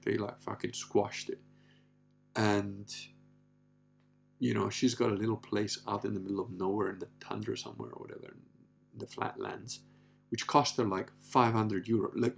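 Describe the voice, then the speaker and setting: With a fairly low, gravelly and slightly rough voice, this livestream host reads out comments from viewers. He rambles offhandedly, swears, and fills his speech with "like" and "you know".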